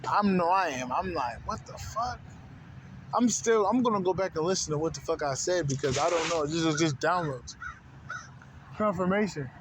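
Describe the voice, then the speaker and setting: Man, high-pitched, profane slang, rambling spiritual talk, faint background hum. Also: brisk, few pauses. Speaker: spiritual channel host. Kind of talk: unscripted spiritual monologue.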